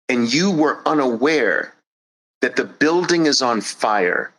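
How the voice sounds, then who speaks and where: Blunt, slow-talking male host. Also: medium pitch, rough recording. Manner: blunt, forceful, swears for emphasis. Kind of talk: impassioned monologue.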